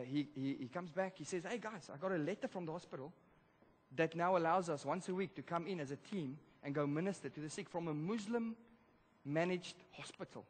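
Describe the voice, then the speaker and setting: A man's voice: fairly high pitch, husky. Man preaching in a reverberant hall. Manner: animated storytelling, swings from loud to hushed. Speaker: pastor. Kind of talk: sermon storytelling. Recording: long church hall reverb.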